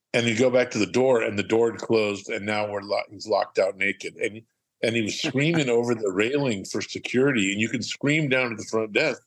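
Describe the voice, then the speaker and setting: In casual storytelling as a podcast guest, a middle-aged Southern Californian man rambles through profane anecdotes, acting out the quotes. His pitch is fairly low, and the recording is low-quality.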